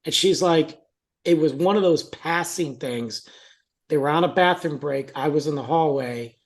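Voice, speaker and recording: A man's voice: on the high side, moderate pace. A young adult man, a podcast co-host, telling a story in casual chat, acting out quotes and laughing often.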